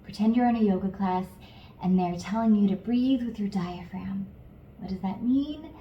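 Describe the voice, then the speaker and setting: A woman's voice: medium pitch, moderate pace, muffled recording. Encouraging woman singing teacher, roomy sound. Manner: calm, encouraging step-by-step coaching with demonstrations. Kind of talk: guided vocal lesson.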